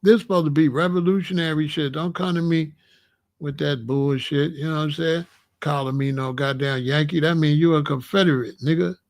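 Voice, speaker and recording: A man's voice: a little high, steady tone, brisk. A man from the United States giving a boastful, confrontational, profane monologue.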